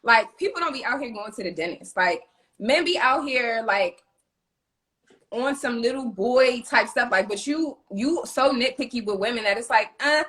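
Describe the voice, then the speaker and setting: A woman's voice: on the high side, normal speed. A woman co-hosting a casual chat, talking emphatically and acting out the people she retells. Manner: emphatic, animated retelling with quoted voices. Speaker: co-host.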